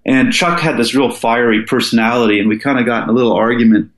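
A man's voice: medium pitch, fast, reverberant, rough recording. An older man from Alaska, a podcast guest telling a story with plenty of restarts. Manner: earnest, lots of restarts. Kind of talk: casual storytelling interview.

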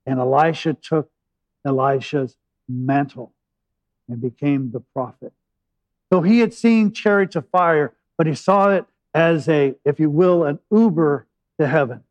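A man preaching a sermon, retelling scripture with dramatic pauses and plain asides. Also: fairly high pitch, low-quality recording.

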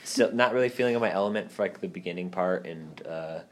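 Young male podcast host, very deep voice, loose jokey rambling, faint hiss under it. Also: fast. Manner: joking, rambling, laughs often. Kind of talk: casual podcast chat.

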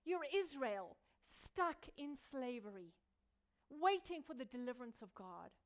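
A woman pastor preaching a sermon, building through repeated phrases and dropping from loud emphasis to a hushed near-whisper. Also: high-pitched, big pitch swings, unhurried. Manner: repetitive rhetorical building.

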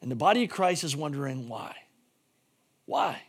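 A male pastor preaching a sermon emphatically, swinging between shouting and hushed tones. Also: a little high, very animated, normal speed, husky.

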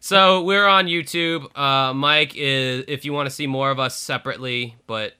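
Bright, crisp-voiced male podcast host. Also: mid-range voice, fairly even intonation, normal speed. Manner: chatty, self-deprecating. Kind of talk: casual chat.

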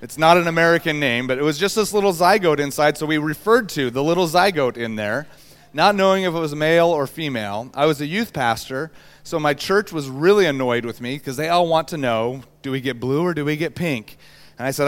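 Animated storytelling preacher, smooth voice. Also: male voice, on the high side, a little fast. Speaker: pastor. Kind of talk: sermon with personal story.

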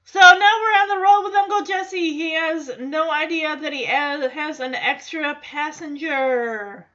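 A chatty woman recaps a TV episode in a casual, giggly way, slipping in the characters' lines as she goes. Her voice sits high and bright. The sound is a bit muffled. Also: a little slow. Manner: chatty, laughs often, acts out quotes.

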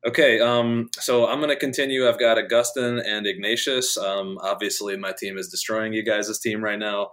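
A man's voice: fairly low pitch, fairly even intonation, moderate pace, few pauses, fairly bright tone. A man co-hosting a podcast, talking earnestly and at length with playful sports banter. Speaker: podcast co-host. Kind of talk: casual chat.

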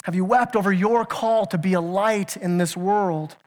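High-voiced preaching man, reverberant hall. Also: moderate pace, a little mellow. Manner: earnest, emphatic preaching with repeated questions and stammered restarts. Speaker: pastor. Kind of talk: sermon. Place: church sanctuary. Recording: church hall with long reverb.

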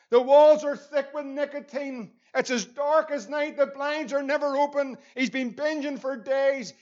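A man's voice: very high voice, lo-fi sound. A man with a Northern Irish accent preaching a sermon as pastor, earnest and repeating phrases for emphasis.

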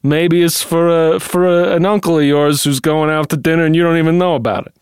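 A man plays a brash restaurant pitchman who keeps drifting into absurd tangents. His voice is fairly high, smooth and resonant, caught in a close, dry recording. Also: fairly quick, no room sound, close to an everyday voice. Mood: rambling. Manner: rambling, tangent-prone, laughing. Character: brash male restaurant promoter, rambling brother. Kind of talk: improvised comedy commercial.

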